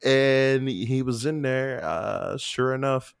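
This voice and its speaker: A young man hosting a podcast, telling a story in casual chat and acting out quoted people in a much higher voice. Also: takes it slowly, gravelly, clear, resonant tone, no room sound, studio quality. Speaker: podcast host.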